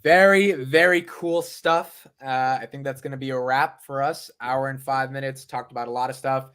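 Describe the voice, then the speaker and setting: A man hosting a podcast who chats casually in a playful, excitable, teasing way. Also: mid-range voice, normal speed, smooth. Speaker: podcast host. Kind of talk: casual chat.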